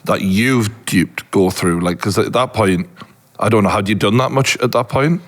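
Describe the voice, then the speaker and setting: A man's voice: on the low side, moderate pace. A man hosting a casual interview, joking and asking follow-up questions with surprise. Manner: jokey, reacting with surprise, asks follow-up questions. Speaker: interview host.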